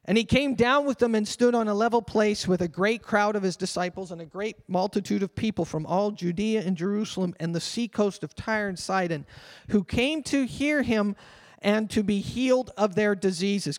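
A man with a notably high voice preaches a sermon in a church sanctuary. His words ring out with a long hall reverb. He talks with earnest fervor and slows down to read scripture aloud. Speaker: pastor.

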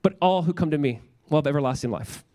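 A man's voice: a little high, fast talker, mellow. A young adult man, a pastor, preaching a sermon in a church with an earnest, conversational manner, often restarting his phrases.

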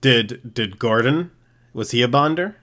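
A man's voice: medium pitch, lively intonation, a little slow, fairly bright tone. A man playing a tabletop game, casual and skeptical as he questions the other figures. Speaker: player.

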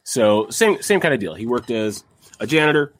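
A man's voice: mid-range voice, big pitch swings, normal speed, no echo. Chatty man, dry close sound. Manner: rambling, frequent fillers and restarts, jokey asides. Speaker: podcast host telling a history story. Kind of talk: casual storytelling chat.

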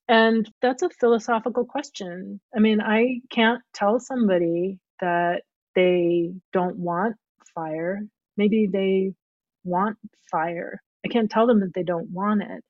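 A woman with a mid-range, somewhat dark voice speaks as a guest in a reflective conversation, thinking aloud with care and searching for words. She often restarts her sentences. The recording is dry and lo-fi.

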